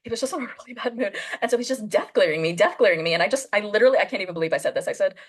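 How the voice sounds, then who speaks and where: A woman hosting a podcast over a video call, telling a story in a casual, animated way and acting out the voices of the people she quotes. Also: medium pitch, rapid-fire.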